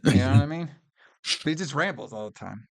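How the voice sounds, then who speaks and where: A man's voice: medium pitch, animated, fast talker, vocal fry, no echo, clean studio sound. A man co-hosting a casual film review podcast, talking loosely with plenty of swearing and laughter. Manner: loose, profane, laughs often, fond of "all right" and "brother". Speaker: podcast co-host.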